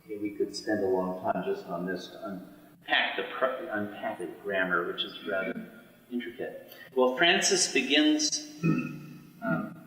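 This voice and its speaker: A man with a lowish, bright voice leads a small study group through poetry, unhurried and full of fillers. He is picked up by a boom mic some distance away, so the sound is roomy with a long reverb. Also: lively intonation. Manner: unhurried, explains and reads verse aloud with many fillers. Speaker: study session leader.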